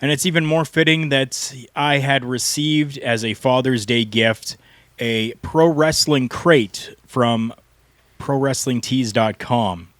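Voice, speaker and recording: A middle-aged man, a former pro wrestler, co-hosting a podcast and telling stories in an earnest, deliberate way. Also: mid-range voice, a bit bright, dry recording. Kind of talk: storytelling podcast talk.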